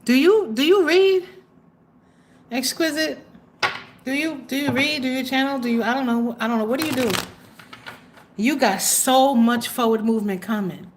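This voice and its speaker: A woman's voice: high-pitched, moderate pace, long pauses, a little hiss or hum. Chatty woman doing a live tarot reading. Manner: chatty, exclamatory, trails off with fillers. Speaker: tarot reader and livestream host.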